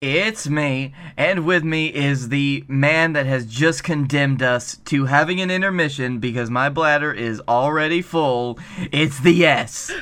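A man co-hosting a comedy podcast, blunt and profane, quick to swear in exasperation. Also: fairly high pitch, fairly bright tone, clean tone. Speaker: podcast co-host. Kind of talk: casual comedic banter.

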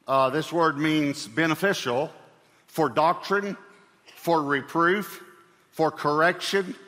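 A man's voice: a little high, pushed and bright. A man preaching a sermon as pastor, speaking in a conversational way with fillers and light humor. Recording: long hall reverb.

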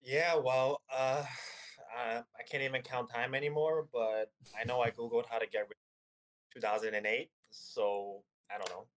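A man in his thirties, a guest on a podcast interview, relaxed, loosely phrased and quick to laugh. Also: mid-range voice, poor audio. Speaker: podcast guest, agency founder.

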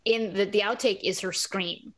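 A woman's voice: mid-range voice, moderate pace, low-quality recording. A woman in casual chat, retelling a TV episode scene by scene and acting out the characters' lines. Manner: animated retelling, acts out quotes and screams. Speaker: podcast co-host recapping a TV episode.

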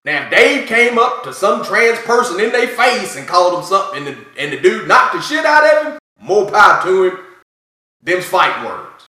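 A man co-hosting a podcast, ranting in profane, animated casual chat with mocking asides. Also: sits high, normal speed. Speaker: podcast co-host. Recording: echoey room.

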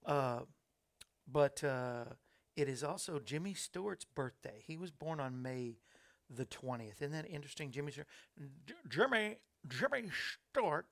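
Male host, gravelly voice, friendly running chatter into a studio mic. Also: medium pitch, normal speed. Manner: chatty, reads viewer comments aloud, upbeat asides. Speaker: show host. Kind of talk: casual live-stream chat. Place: small studio under hot lights. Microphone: studio microphone.

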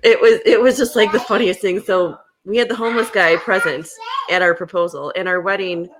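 A young woman hosting a podcast, telling personal stories in a casual, animated way and laughing often. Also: mid-range voice, brisk, noisy background. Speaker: podcast host. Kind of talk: casual storytelling chat.

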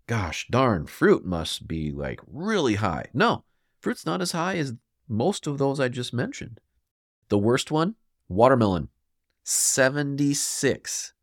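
Man, podcast host, emphatic, scolding, lively pitch, dry sound. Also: slow, no echo. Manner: emphatic, animated, scolding the listener; mimics listeners in quoted asides. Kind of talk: solo health podcast rant.

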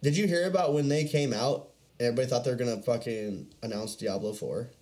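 A man's voice: medium pitch, fast talker, darkish tone. A man chatting casually on a podcast, swearing freely, laughing often and acting out other people's lines. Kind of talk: casual chat.

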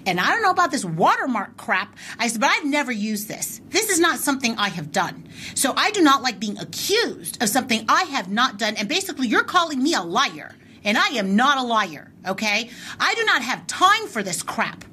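Animated middle-aged woman telling a story. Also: a little high, a little fast, a little hiss or hum. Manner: animated retelling, acts out both sides of an argument. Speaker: podcast co-host. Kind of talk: casual storytelling chat.

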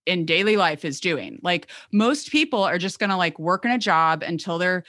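A woman's voice: fairly low pitch, expressive, moderate pace, a bit bright, dry recording, studio quality. A woman in her thirties, an occupational therapist guest, talking chattily and rambling with lots of filler words. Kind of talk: conversational interview.

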